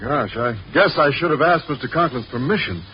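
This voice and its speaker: A man's voice: a little high, expressive, a little fast, highs cut off. Mild shy man on old radio. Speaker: biology teacher in a radio comedy. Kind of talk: 1950s radio sitcom acting. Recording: old radio broadcast with hiss.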